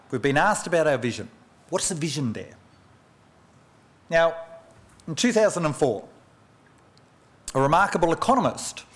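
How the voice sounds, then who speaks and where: A man, an economist, delivering a formal memorial oration in a measured lecturing way, with rhetorical questions and personal anecdotes, at a podium microphone. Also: medium pitch. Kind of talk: formal public speech. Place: large function room at a press club.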